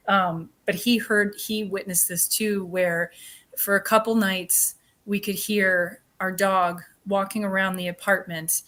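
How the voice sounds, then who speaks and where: A woman speaking as an interview guest, telling a story in a chatty, animated way with lots of filler words. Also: mid-range voice. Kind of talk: casual interview chat.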